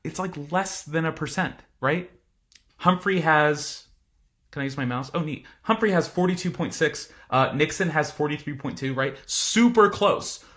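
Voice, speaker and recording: A man's voice: fairly high pitch, normal speed, fairly bright tone. A man teaching a casual recorded history lecture, informal and chatty with frequent asides.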